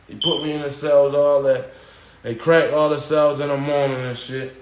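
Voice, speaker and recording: Man telling a story in slangy street talk. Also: reverberant. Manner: animated retelling, acting out quoted guards and inmates with raised pitch; slangy, repeats "yo" and "boom". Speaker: storyteller on a live stream. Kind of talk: casual storytelling. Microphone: phone.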